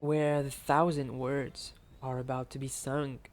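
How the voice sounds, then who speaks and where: A man's voice: medium pitch, flat delivery, a little slow, soft background music. A man from France with a French accent, chatting casually and laughing often as he streams a speedrun. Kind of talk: casual live-stream commentary.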